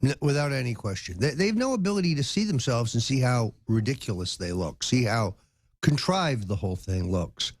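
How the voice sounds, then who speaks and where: A man's voice: medium pitch, animated, brisk, no echo. An older man as a talk show guest, emphatic and indignant, leaning hard on single words. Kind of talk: political talk show interview.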